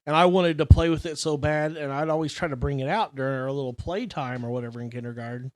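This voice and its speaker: Animated joking man, dry close sound. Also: on the high side, quick pace, no echo. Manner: animated storyteller, exaggerated jokes, swears freely. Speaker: podcast co-host. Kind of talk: casual chat.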